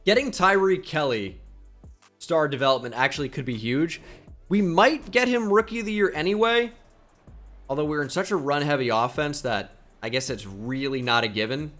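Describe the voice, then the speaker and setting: Excitable gaming commentator man, bright voice. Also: a little high, moderate pace, faint music behind. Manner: excitable, swings between cheering and muttering. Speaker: gaming YouTuber. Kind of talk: casual live game commentary.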